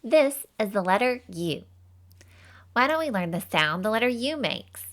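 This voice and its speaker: A young woman voicing a cheerful, folksy teacher character, leading a scripted phonics lesson for children slowly and patiently. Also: a little high, big pitch swings, fairly bright tone. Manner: slow, patient, encouraging.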